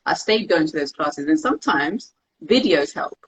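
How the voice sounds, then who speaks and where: A young woman with a low voice speaks at a moderate pace as an interview guest who practices dance. In this casual conversation she is candid and animated, acting out her own thoughts as she quotes them. The recording has a dull, lo-fi sound.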